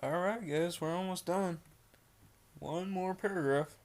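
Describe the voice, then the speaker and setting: A man's voice: high voice, a little slow, darkish tone. A young man reading a creepypasta aloud, breaking off into rambling, mocking asides full of fillers. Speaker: creepypasta reader.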